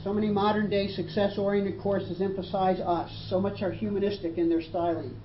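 A woman's voice: medium pitch, fairly quick, few pauses. Emphatic woman preaching a sermon. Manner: emphatic preaching, rising for scripture quotes. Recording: roomy, dull, faint hiss.

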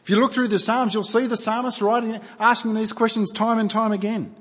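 A man's voice: high-pitched, flat delivery, fairly quick, fairly bright tone, slightly rough. A man preaching a sermon in an earnest, conversational way, asking his listeners rhetorical questions. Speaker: pastor. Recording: long hall reverb.

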